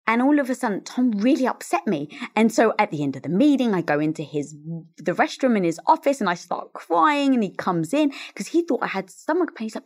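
A woman's voice: a little high, a little fast. A woman who is a guest author in an interview conversation, telling stories animatedly and acting out quoted lines. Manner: animated storyteller, acts out quotes.

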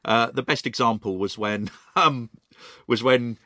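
A man's voice: medium pitch, a little slow, pushed and bright, no echo, studio quality. A British man co-hosting a casual chat, telling stories with many ums and restarts. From Britain. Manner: hesitant, lots of ums and restarts. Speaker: podcast co-host.

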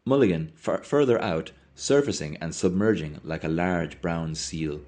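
A man reading a novel aloud with expressive storytelling. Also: low voice, measured pace. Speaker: reader.

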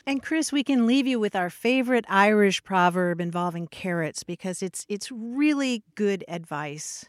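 A woman's voice: mid-range voice, lively intonation, moderate pace, no echo, clean studio sound. Amused woman radio co-host. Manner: amused, laughs while explaining. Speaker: co-host of a word show. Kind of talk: casual radio chat.

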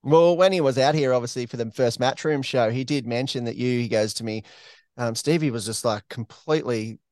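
A man's voice: medium pitch, fairly quick, a little mellow, no room sound, clean studio sound. A man hosting a podcast, chatty and joking as he interviews a guest. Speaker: podcast host. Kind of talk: casual interview.

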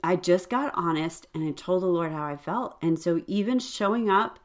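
A woman's voice: lowish voice, lively intonation, normal speed. A woman hosting a faith podcast, talking earnestly and conversationally with frequent fillers. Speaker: podcast host.

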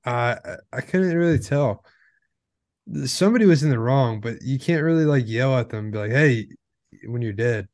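A young male podcast co-host chats casually in a deadpan manner. His mid-range voice moves at a moderate pace, captured with clean studio sound and no room sound.

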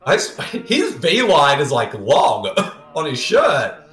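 A man in a casual podcast chat, cracking jokes and laughing through them. His voice is bright and lively, swinging up and down, with the sound bouncing around an echoey room. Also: on the high side, slow, soft background music. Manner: giggly, joking. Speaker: podcast co-host. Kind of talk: casual movie-riffing chat.

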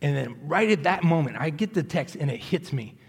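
A man with a high, husky voice preaches in a church sanctuary, telling his stories casually before rising to fervent, almost shouted calls. Long reverb from the hall trails after each phrase. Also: expressive, moderate pace. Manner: conversational storytelling that swells into fervent near-shouting. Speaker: pastor. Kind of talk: sermon.

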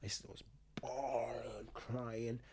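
A young man telling a personal story as an interview guest, rambling and halting with many fillers and restarts. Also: medium pitch, flat delivery, gravelly, darkish tone, husky, dry recording. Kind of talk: casual interview talk.

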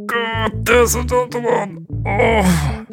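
A man's voice: extremely high pitch, slow pace, music in the background, pitched above the performer's own voice. A man voicing an ordinary grown man in the street, groaning and fussing melodramatically over the pain of a hair falling out, in a spoken-word comedy piece. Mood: anguished. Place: late-night indoor recording session.

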